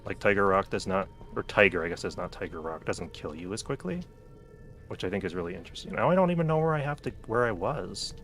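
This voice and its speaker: A man's voice: low voice, lively intonation, fast, fairly bright tone, soft background music. A man streaming a game late at night, chatting casually, joking, and talking to the characters on screen. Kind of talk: casual gameplay commentary.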